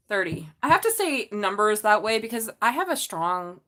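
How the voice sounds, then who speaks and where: Woman, middle-aged, Southern accent, mumbly, chatty, jokey, live tarot stream host, mid-range pitch. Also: sing-song, normal speed, few pauses, background noise. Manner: chatty and joking, laughs often, talks to the chat. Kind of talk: casual live tarot reading.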